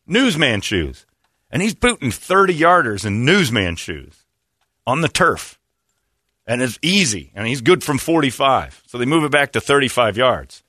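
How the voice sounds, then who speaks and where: A man hosting a talk show, telling comic stories in a loose, chatty way and acting out other people with sudden loud yelps. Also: medium pitch, moderate pace, no room sound, studio quality. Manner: animated, acts out voices with loud yelps. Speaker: radio show host. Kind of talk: casual comedic storytelling.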